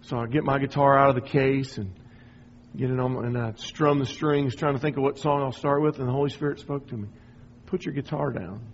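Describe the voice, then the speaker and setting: A middle-aged man giving a rambling, informal spoken testimony, often restarting and clearing his throat. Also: mid-range voice, little pitch movement, fairly quick, dull audio, a little hiss or hum. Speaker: speaker sharing a personal faith story.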